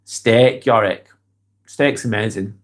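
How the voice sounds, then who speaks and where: A man with a Lancashire English accent hosting a live stream, reading viewers' comments aloud and answering in a relaxed, chatty way, tired and fatigued. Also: fairly low pitch, takes it slowly. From England.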